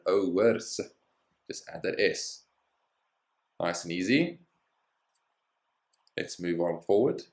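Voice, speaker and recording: A man's voice: low voice, reverberant. A man teaching a language lesson, explaining the rules step by step and adding short words of encouragement.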